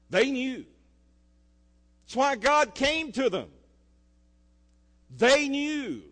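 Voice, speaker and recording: A male pastor, preaching a sermon and swinging between loud emphasis and soft asides. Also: very high voice. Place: church sanctuary. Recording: echoey church hall.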